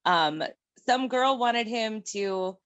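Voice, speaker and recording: A middle-aged woman telling a story in casual chat, animated and laughing often. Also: on the high side, slow pace, dry recording. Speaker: guest.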